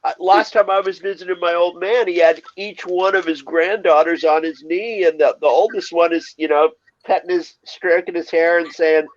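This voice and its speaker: A man's voice: high-pitched, fairly even intonation, moderate pace, dry recording, lo-fi sound. A man chatting in a laid-back way, telling a story with frequent "man". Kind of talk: casual chat.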